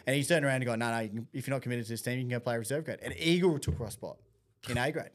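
A man telling stories in a blunt, sweary, animated way as co-host of a casual podcast chat. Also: mid-range voice, racing.

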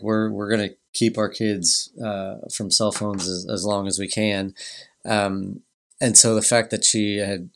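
Low gravelly-voiced man telling a story. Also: a bit bright. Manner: halting, many restarts and fillers. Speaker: podcast host. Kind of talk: personal storytelling monologue.

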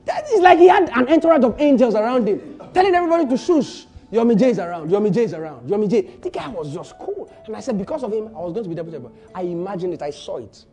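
A man with a Nigerian accent preaching a sermon as a pastor, building to shouted lines and repeating phrases for emphasis. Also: very high-pitched, big pitch swings, fast, hardly any pauses.

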